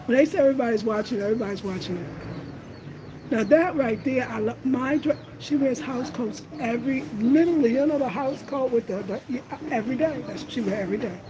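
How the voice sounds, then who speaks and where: A middle-aged woman hosting a casual livestream, telling lively stories to her viewers and laughing often. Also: on the high side, fast talker, noisy background. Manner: animated storyteller, laughs often, addresses viewers as y'all. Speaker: host of a home design channel.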